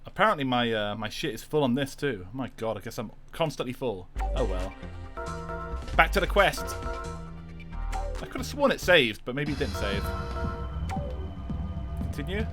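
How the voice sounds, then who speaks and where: A man's voice: mid-range voice, big pitch swings, moderate pace, pauses often. Chatty streamer man over game music. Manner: chatty, self-deprecating, laughs often. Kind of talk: casual gameplay livestream chat.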